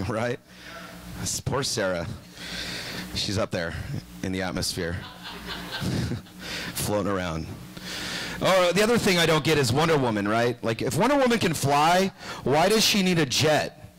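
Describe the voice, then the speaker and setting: A young man doing a stand-up set on a small club stage, deadpan, then bursting into shouted voices. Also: medium pitch, moderate pace, pauses often, noisy background. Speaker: stand-up comedian.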